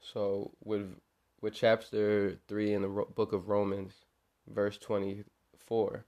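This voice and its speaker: A man's voice: on the low side, monotone, slow pace, darkish tone. A young man hosting a podcast, talking earnestly and informally about faith and forgiveness, often repeating his words as he goes. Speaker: podcast host. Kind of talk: informal religious encouragement.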